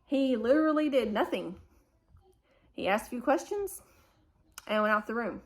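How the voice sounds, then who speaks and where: A woman's voice: a little high, moderate pace. Woman, family vlogger, storytime, acts out quoted dialogue. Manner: animated retelling, acting out quoted dialogue. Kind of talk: storytime recounting a hospital stay.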